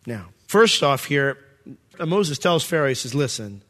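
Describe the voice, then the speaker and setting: A male pastor delivers a conversational sermon, reading scripture aloud and posing rhetorical questions to his listeners. His voice sits slightly high and sounds bright and forceful. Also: lively intonation, unhurried.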